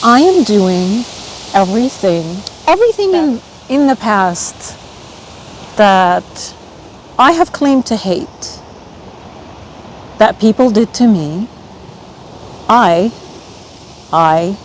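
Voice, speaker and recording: A woman's voice: mid-range voice, lively intonation, slow, long pauses, slight background noise, rough recording. A woman vlogging outdoors with a personal, emotional reflection, repeating self-affirmations. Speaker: spiritual vlogger. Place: outdoors in nature.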